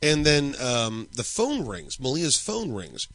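A man's voice: mid-range voice, very animated, takes it slowly, creaky, fairly bright tone, rough recording. A man in his thirties, a podcast co-host, telling a story in crude, joking casual chat.

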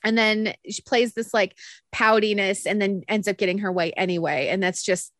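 A young woman telling a story on a podcast, animated and laughing often as she acts out what others said. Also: medium pitch, moderate pace, dry recording. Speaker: podcast co-host. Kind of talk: casual storytelling chat.

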